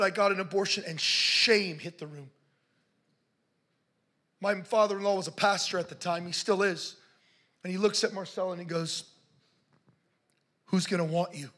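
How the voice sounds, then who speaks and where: A man telling a story in a sermon, passionate and building to shouts as he preaches. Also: sits high.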